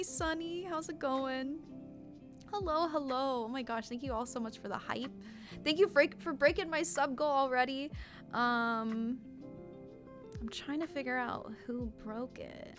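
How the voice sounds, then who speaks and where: A woman streamer chatting casually on a live stream, bubbly, greeting viewers by name, often laughing and getting emotional. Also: a little high.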